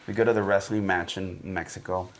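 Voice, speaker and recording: A man's voice: deep voice, steady tone, fairly quick, a little hiss or hum. A man and podcast co-host telling a casual anecdote, rambling with lots of fillers. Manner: rambling storyteller with many fillers.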